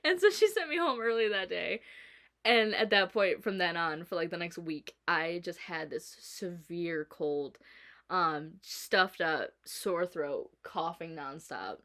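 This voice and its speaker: A young woman vlogging at home, chatting and telling a story with animated quoting and laughter. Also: on the low side, a little slow. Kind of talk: casual chat. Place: indoors at home.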